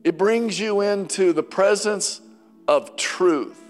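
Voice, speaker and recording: A pastor preaching in a big sanctuary, his high voice ringing with a long reverb tail. He moves slowly and deliberately, with soft music faintly underneath, rising to loud declarations and dropping to hushed scripture quotes. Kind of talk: sermon. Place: church sanctuary.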